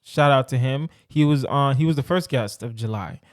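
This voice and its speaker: A man's voice: medium pitch, normal speed, dry recording, clean studio sound. A man hosting a casual podcast chat, playful and teasing, laughing easily as he explains a question. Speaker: podcast host.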